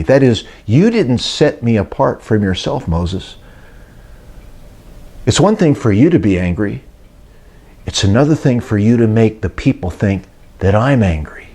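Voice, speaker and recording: A man's voice: lowish voice, big pitch swings, takes it slowly, pauses often, a little mellow, husky. An older man preaching and retelling a story, acting out the voices of those he quotes. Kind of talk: sermon-style teaching talk.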